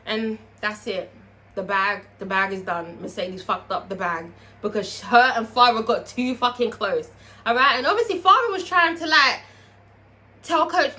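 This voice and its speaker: A woman recapping a TV episode in a casual vlog, profane and animated, talking straight to her viewers. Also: on the high side, moderate pace. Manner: profane, animated, chatty, asks viewers questions. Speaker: TV show reviewer.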